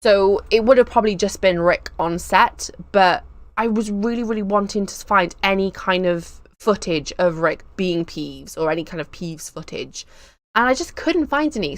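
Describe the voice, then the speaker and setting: Giggly mum in her 30s chatting on a livestream, a bit nervous, keeps going off on tangents, mid pitch, dry close mic. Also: no echo. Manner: chatty and excitable, drifting onto tangents. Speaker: live stream host. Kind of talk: casual live stream chat.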